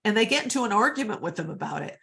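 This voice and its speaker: A woman's voice: medium pitch, very animated, racing, gravelly, fairly bright tone. A woman coaching real estate agents in a live online session, chatty and upbeat, often calling her audience guys, on a computer mic.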